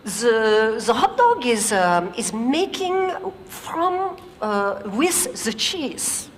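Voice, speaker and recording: A woman's voice: medium pitch, a bit bright, long reverb tail, slight background noise, natural voice. A woman playing a male French engineer who hesitates and stumbles over simple English, with many fillers. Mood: hesitant. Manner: hesitant, halting, full of fillers.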